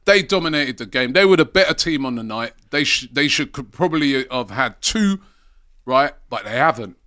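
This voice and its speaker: A middle-aged man chatting casually about football as a podcast pundit, animated and repeating his points for emphasis. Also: mid-range voice, moderate pace.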